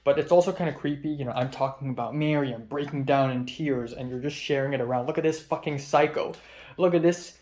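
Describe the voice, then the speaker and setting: A man's voice: mid-range voice, a little fast, darkish tone. A young man from Hong Kong vlogging in a casual, rambling rant, swearing a lot and restarting his sentences. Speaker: YouTube vlogger.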